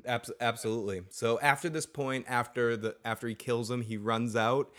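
A man co-hosting a casual TV recap podcast, talking in a relaxed, chatty way. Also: mid-range voice, moderate pace. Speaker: podcast co-host.

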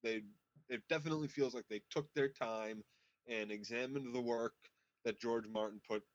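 A man's voice: medium pitch, steady tone, normal speed, no room sound. Man, podcast co-host, eager, repeats his words, dry dull lo-fi sound. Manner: enthusiastic, repeats words as he gets going. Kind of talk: casual recap chat.

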